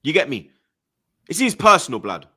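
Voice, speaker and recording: Ranting young London man, lively bright voice. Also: on the high side, normal speed, slightly rough. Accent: London multicultural English. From Jamaican heritage, London. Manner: animated ranting, slang-heavy, stutters when angry. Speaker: football podcast host. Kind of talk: heated casual football chat.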